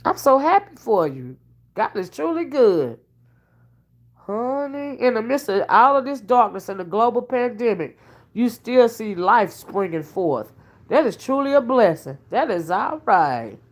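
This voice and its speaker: A woman's voice: fairly high pitch, big pitch swings, measured pace. A woman hosting a casual livestream from her home, chatting folksily, calling listeners honey and child, and thanking viewers by name. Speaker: self-styled oracle and livestream host. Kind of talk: casual livestream chat, reading viewer comments. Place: at home while cooking dinner.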